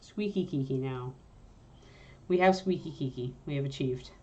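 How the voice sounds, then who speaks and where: A woman's voice: extremely low pitch, normal speed, dark tone, muffled recording. A woman hosting a casual livestream, chatty and easygoing, who breaks off now and then to talk to her dog. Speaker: livestream host.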